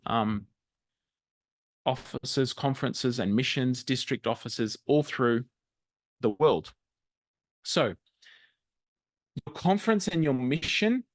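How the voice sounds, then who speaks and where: A man's voice: a little high, dry recording, clean studio sound. A middle-aged man with an Australian accent presents a church news webinar over a video call, talking conversationally with frequent ums and restarts.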